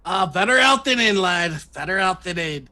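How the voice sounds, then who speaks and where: A man voicing a gruff pirate officer who questions a crewman bluntly and calls him lad. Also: high voice, expressive, moderate pace, sharp tone, voice pushed up, heavily acted. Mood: blunt, probing.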